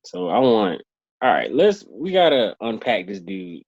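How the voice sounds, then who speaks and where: A man's voice: on the low side, sing-song, measured pace, a little hiss or hum. A man co-hosting a casual podcast, cracking dry teasing remarks. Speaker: podcast co-host. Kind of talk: casual chat. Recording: dry, dull lo-fi sound.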